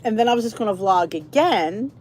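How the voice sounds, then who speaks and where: Speaking at a fairly quick clip, a middle-aged Philly-accented woman from the Philadelphia area rambles through a casual podcast chat with her viewers. Her voice is medium in pitch, expressive, and darkish, with slight background noise behind it. Frequent restarts and asides mark her chatty, meandering style.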